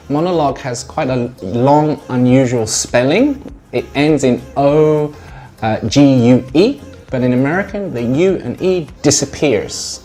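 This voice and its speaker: A man with a British accent explaining English spelling and pronunciation to learners, in a relaxed way with frequent fillers. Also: medium pitch. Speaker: English language tutor.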